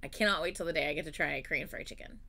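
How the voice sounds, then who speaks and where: A woman reacting to music videos in casual commentary, effusive and exclamatory, swinging from loud gushing to quiet murmurs. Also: deep voice, racing.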